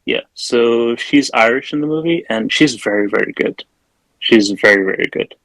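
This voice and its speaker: A man's voice: mid-range voice, normal speed, a bit bright, dry recording, low-quality recording. A man casually recapping a film plot on a podcast, rambling with plenty of fillers and restarts. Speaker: podcast host.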